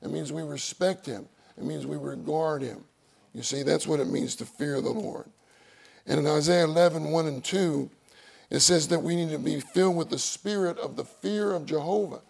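A man's voice: fairly high pitch, normal speed, creaky, a little mellow. A man preaching a sermon, reading outline points aloud and repeating key phrases for emphasis.

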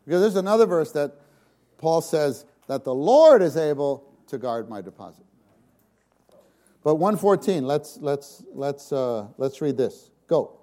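Slow, dark-voiced male preacher. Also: a little high, expressive. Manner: dramatic swings from hushed to loud exclamations; slow, emphatic delivery. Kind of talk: sermon.

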